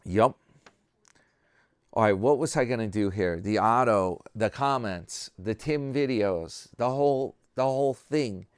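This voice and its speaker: A man's voice: lowish voice, measured pace, clear, resonant tone, no room sound, clean studio sound. A man from New York talking casually to his subscribers, rambling and mocking himself. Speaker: vlogger host. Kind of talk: casual chat.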